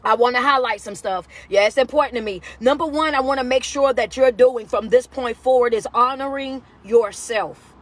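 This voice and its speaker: A woman life coach hosting a live stream, greeting viewers by where they watch from in an energetic, casual way. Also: fairly high pitch, normal speed. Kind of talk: live-stream motivational talk.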